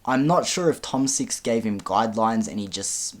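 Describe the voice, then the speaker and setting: A man's voice: on the low side, animated, moderate pace. A man giving a casual film review, speaking frankly with frequent ums and casual swearing.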